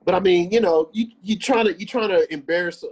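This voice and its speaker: A man co-hosting a sports podcast in casual chat, teasing his partner and quick to laugh and agree. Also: high voice, darkish tone, slightly rough, poor audio. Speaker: podcast co-host.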